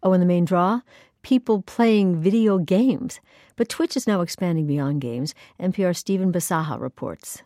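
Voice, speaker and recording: Female news anchor, lower voice, crisp and dry studio read. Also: normal speed, warm tone, dry recording. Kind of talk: scripted news introduction. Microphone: studio mic.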